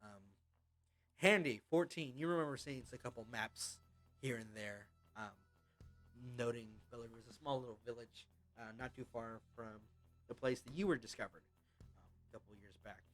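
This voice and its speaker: A man's voice: mid-range voice, normal speed, a bit bright, soft background music. A man narrating as game master in a loose, casual way with lots of fillers.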